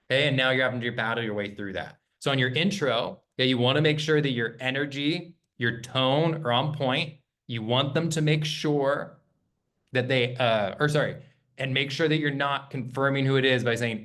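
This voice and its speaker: A man coaching agents in a sales workshop, his voice sitting at an ordinary middle pitch. He talks conversationally and often pauses to check in with a quick "okay?" before moving on. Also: a bit bright. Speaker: real estate sales trainer.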